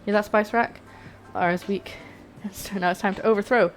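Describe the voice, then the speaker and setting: A young woman livestreams herself cooking in her home kitchen, chatting and rambling to viewers as she works. Her mid-range voice moves at a normal speed with fairly even intonation, and faint music plays in the background.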